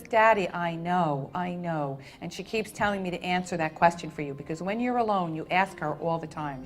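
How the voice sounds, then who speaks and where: A woman working as a medium, relaying messages to audience members in a soft, tender, soothing manner with endearments. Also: fairly low pitch, low-quality recording. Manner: soft, soothing, tender, calling people honey and sweetheart. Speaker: medium at a public reading. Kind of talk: live spirit reading to an audience.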